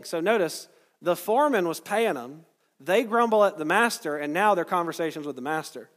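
Conversational pastor preaching in a reverberant hall. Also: male voice, on the high side, animated, a little fast, a bit bright. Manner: conversational, explains verse by verse, asks the crowd questions. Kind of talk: sermon.

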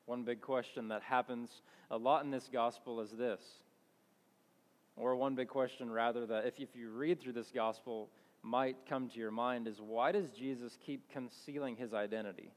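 A man teaches from the Bible in a relaxed, conversational way, reading verses and then unpacking them. He corrects himself mid-sentence at times. His mid-pitched voice carries a long reverb, as in a large hall. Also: moderate pace. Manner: conversational, restarts and self-corrections. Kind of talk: sermon with scripture reading.

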